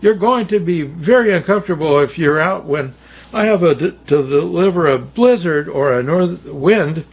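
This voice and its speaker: A man's voice: on the high side, moderate pace, breathy edge. A man voicing Jack Frost, a proud wintry male sprite fond of big words, in a storybook reading. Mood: pompous. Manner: pompous.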